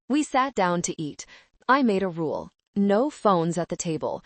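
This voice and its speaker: Calm, measured woman storyteller. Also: fairly low pitch, dry recording. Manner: calm, measured, cold resolve. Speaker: narrator. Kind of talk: scripted first-person story narration.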